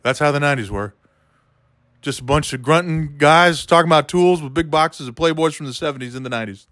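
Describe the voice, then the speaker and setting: A man doing a rambling, deadpan comedy monologue, talking to a listener by name as he goes. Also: fairly high pitch, brisk, no echo, clean studio sound. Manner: meandering, deadpan, keeps addressing a listener by name.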